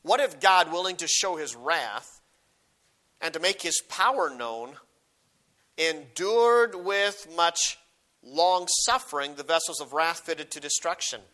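A man's voice: on the high side, expressive, takes it slowly, pushed and bright. A man preaching a sermon, reading scripture aloud with rising emphasis and explaining it, often restarting and repeating words.

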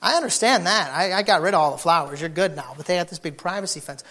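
Man preaching, telling funny neighbor stories, lively, acts out the dogs and people. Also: high-pitched, fast. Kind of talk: humorous sermon storytelling.

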